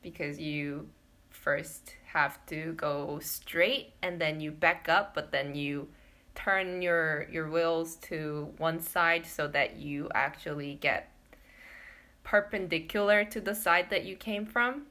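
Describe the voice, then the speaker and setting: A woman in casual chat who explains things calmly and pauses a little as she goes. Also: low-pitched. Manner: calm, explanatory, a little halting.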